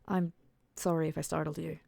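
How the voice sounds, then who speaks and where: A mild, bewildered young man stumbles over his words in a storybook scene, voiced by a woman reading aloud. The voice is low with a gravelly texture and sounds close and dry. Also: flat delivery, brisk, a little mellow, no room sound, exaggerated voice. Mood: apologetic. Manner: hesitant, stammering. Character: gentle, bewildered young man, soft-spoken.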